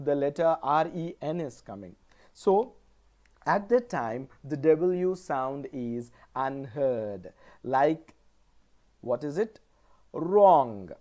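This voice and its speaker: A male college lecturer from India giving a pronunciation lesson, deliberately repeating example words one at a time. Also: on the high side, a little mellow.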